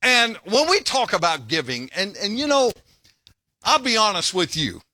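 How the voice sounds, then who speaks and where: An older man preaching in a folksy, joking way, trading jokes and scripture. His voice sits high and swings around a lot, bright and forceful. The sound is dry and close. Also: dry recording. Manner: folksy, joking preacher who breaks off to tell stories. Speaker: pastor. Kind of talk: sermon.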